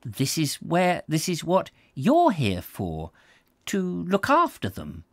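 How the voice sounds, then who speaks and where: A man's voice: on the high side, huge pitch swings, takes it slowly, no echo, studio quality, voice pushed up, exaggerated voice. A man reading aloud, voicing a fussy, probing middle-aged male doctor who keeps asking questions. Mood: pointed. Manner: persistent, inquisitive questioning.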